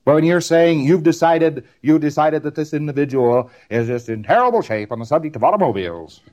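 A man's voice: fairly high pitch, darkish tone, lo-fi sound. A man giving a recorded lecture, rambling and repeating words in rhythmic runs, often ending on a tag question.

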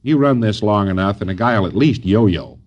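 A man giving an informal lecture to trainees, rambling and folksy, often pausing on fillers. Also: on the low side, expressive, highs cut off.

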